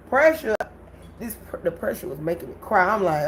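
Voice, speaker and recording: A woman hosting a casual livestream, telling a story to her viewers in an animated way and laughing often. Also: medium pitch, normal speed, a little hiss or hum, poor audio. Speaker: livestream host.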